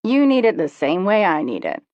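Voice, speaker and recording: A woman voicing a brash, crude teenage girl who teases loudly and bluntly, on a dull, lo-fi recording. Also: lowish voice, big pitch swings, normal speed, no room sound. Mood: pushy. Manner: loud, teasing, blunt.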